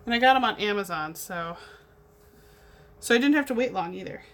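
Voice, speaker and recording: A young adult woman hosts a craft livestream, chatting casually with viewers while she paints. Her mid-range voice is brisk, expressive, a bit bright and bubbly.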